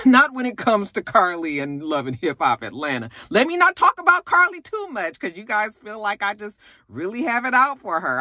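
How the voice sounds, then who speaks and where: Recap vlogger, candid and salty, chatty asides, bright tone, dry close sound. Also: medium pitch, huge pitch swings, moderate pace, dry recording. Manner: candid, blunt and profane, chatty asides to viewers. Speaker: YouTube recap host. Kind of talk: casual reality TV recap.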